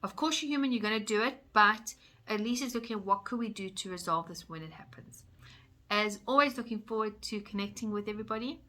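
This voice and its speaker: A woman's voice: mid-range voice, brisk, pushed and bright. A woman parenting coach giving tips straight to camera in an upbeat, enthusiastic way. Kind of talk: direct-to-camera tips video.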